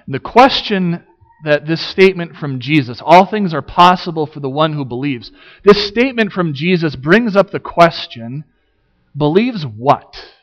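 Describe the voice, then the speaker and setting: Slow-preaching man, fairly high. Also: expressive, lo-fi sound. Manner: slow, rhetorical preaching with dramatic pauses. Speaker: pastor. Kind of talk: sermon.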